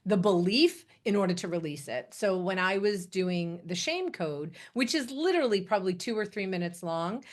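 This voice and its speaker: A woman hosting a casual interview chat, a bit raspy today, laughing often and tagging her points with "right?". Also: mid-range voice, animated, normal speed, few pauses. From Italian family background. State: raspy throat. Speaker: podcast host and coach.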